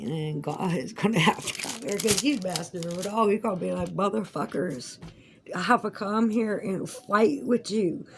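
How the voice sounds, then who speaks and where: A woman's voice: fairly low pitch, a little mellow, a little hiss or hum, poor audio. A woman vlogging at home, rambling casually with lots of swearing and frequent laughs. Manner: profane, rambling, laughs often. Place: at home while crafting.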